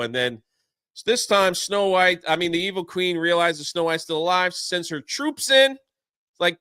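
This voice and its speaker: A man hosting a casual talk show, recapping a film in an animated way and briefly putting on voices for its characters. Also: sits high, clean tone, no room sound, studio quality. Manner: animated retelling, acting out characters' lines in quick put-on voices. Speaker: show host. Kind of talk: casual movie recap chat.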